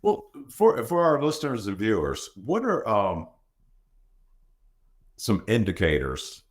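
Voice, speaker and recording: Male host, lowish voice, animated pitch, storyteller. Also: takes it slowly. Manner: conversational, shares stories, asks rambling questions. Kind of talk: casual interview talk.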